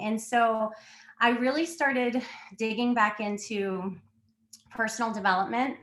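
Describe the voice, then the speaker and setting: A woman's voice: fairly high pitch, measured pace, a bit bright. Sick woman a bit out of breath, candid pep talk to her team on a call, lots of ums and laughs, echoey room. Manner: chatty, candid, laughs often, many ums. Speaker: team leader on a sales call. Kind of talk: casual motivational talk.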